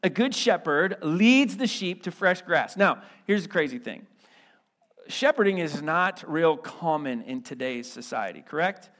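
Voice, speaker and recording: A man pastor preaching a sermon with a Midwestern American accent, swinging from quiet stretches to loud emphatic lines. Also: on the high side, lively intonation, unhurried.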